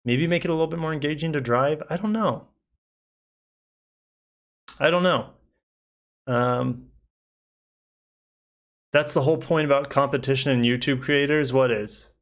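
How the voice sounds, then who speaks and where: A man's voice: a little high, unhurried, long pauses. Easygoing man chatting on a live stream. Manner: easygoing, rambling, with many fillers. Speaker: car reviewer and channel host. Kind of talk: casual live stream chat reading comments.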